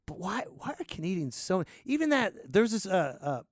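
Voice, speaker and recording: A man from the United States hosting a solo comedy podcast: an animated rant, laughing often and slipping into voices. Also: sits high, normal speed, dry recording, studio quality. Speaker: podcast host.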